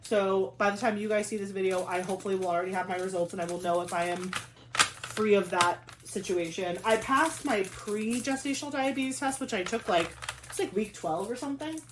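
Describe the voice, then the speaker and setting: Young woman rambling on her craft vlog, says like a lot, bit of hiss behind. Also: medium pitch. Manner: chatty, fillers like "like", quick asides. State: pregnant. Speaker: craft vlogger. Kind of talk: casual chat.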